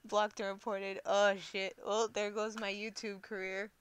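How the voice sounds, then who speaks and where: Young woman, physics tutor on a livestream, giggly and playful, mid pitch, dry close sound. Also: little pitch movement, a little slow, fairly bright tone, clear, resonant tone, no room sound. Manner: playful, giggly, chatty asides. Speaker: physics teaching assistant.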